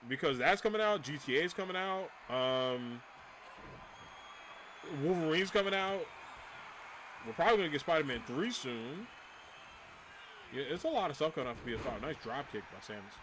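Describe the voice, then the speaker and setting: A man's voice: fairly high pitch, expressive, moderate pace, pauses often, fairly bright tone, slight background noise. A man chatting casually on a livestream, ranting animatedly, swearing and laughing often.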